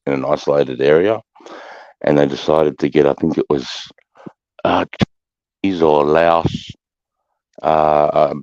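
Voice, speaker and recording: Deep ranting Australian man, dry close sound, dull lo-fi audio. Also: no echo. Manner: swearing, ranting, heats up into loud outbursts. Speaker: live chat regular. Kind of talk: casual chat.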